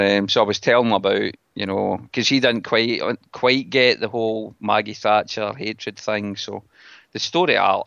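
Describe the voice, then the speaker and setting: Blunt and scornful, a middle-aged podcast host from Scotland talks casually in a lowish, creaky voice with a bit of brightness. The audio is dry, with a dull lo-fi quality.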